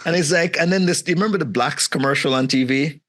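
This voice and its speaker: A middle-aged Jamaican entrepreneur, appearing as a guest in a casual interview, tells stories in a fast, fairly high-pitched voice. He's animated, acts out other people's voices, and keeps throwing in "right?" and "man".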